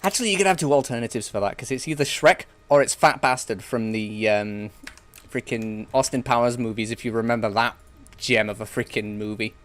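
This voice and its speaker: A man's voice: medium pitch, fairly quick, fairly bright tone. A young man streaming a game, rambling and joking casually with some swearing. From England. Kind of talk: casual gameplay chat.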